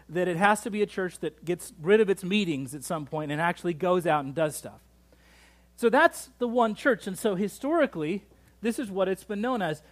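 A pastor preaching a sermon in a church, joking and drawing the congregation in. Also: male voice, high voice. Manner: lively, joking, engages the congregation.

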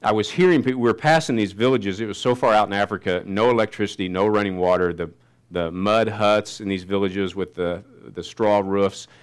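A man preaching a sermon, reading scripture slowly and then telling a personal story. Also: fairly low pitch, steady tone, clean tone. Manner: slows down to read scripture, then tells a story. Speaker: pastor.

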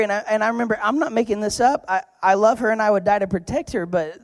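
A man preaching a sermon as pastor, talking in a conversational, joking storytelling way with sudden loud bursts of emphasis. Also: high voice, fast, hardly any pauses, no room sound. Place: church.

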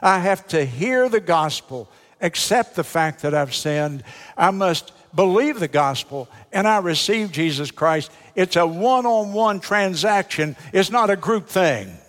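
A man's voice: high voice, animated, a little slow, fairly bright tone. An older man preaching a folksy, emphatic sermon as a Baptist preacher, with rhetorical questions to the congregation. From United States. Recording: long hall reverb.

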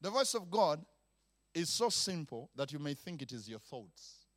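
A middle-aged man delivers a playful, animated sermon, acting out noises and laughing between points. His voice sits high and leaps all over the place. The sound is dry and close. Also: no room sound. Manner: animated, mimics sounds, laughs often, drawn-out repetitions. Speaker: preacher. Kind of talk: lively sermon.

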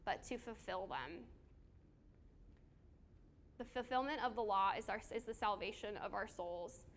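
Woman doing a laid-back sermon to a small crowd, chatty and self-deprecating, lots of ums, slightly high voice. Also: fairly bright tone. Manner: chatty and self-deprecating, with fillers and audience call-and-response. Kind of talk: casual sermon to a live group. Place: room with a small audience. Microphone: handheld microphone.

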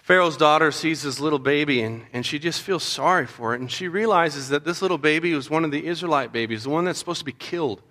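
Bright, high-voiced animated preacher man. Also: fast, hardly any pauses. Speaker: children's pastor. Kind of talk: storytelling sermon.

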